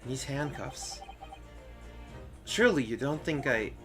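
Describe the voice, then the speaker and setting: A baffled young hero, voiced by a man reading a game who stumbles over his words in a lively, rising and falling voice. The delivery is unhurried, with faint game music underneath. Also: mid-range voice. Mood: bewildered. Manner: confused, hesitant, breathless. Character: bewildered young male protagonist.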